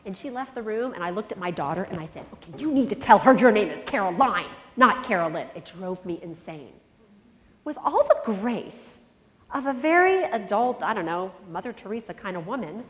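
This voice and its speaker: A middle-aged woman gives a personal, heartfelt talk as a conference speaker, reflective at times, her pitch and volume rising suddenly now and then. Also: fairly bright tone. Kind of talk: personal storytelling speech. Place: large conference hall. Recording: long reverb from a conference hall.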